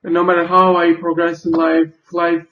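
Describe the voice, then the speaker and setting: A young man crying as he talks in a personal confessional vlog, halting, with broken sentences and repeated curses. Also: a little high, monotone, roomy sound. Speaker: video creator. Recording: dull lo-fi recording.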